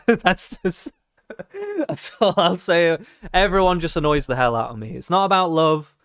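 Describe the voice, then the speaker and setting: A man's voice: mid-range voice, clear, resonant tone, no room sound. Male streamer, profane reactive ranter, dry closeup sound. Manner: profane, ranting, mocking. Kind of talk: live reaction stream commentary.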